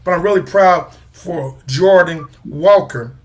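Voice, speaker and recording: A man's voice: fairly high pitch, a little slow, slight background noise. A man co-hosting a casual sports talk show, rambling and joking as he trash-talks rival teams. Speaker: co-host.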